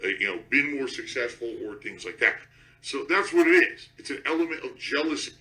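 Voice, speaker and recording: A man's voice: medium pitch, lively intonation, fairly quick, pushed and bright, rough recording. A man who creates gaming videos, ranting indignantly and swearing a lot. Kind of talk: angry rant.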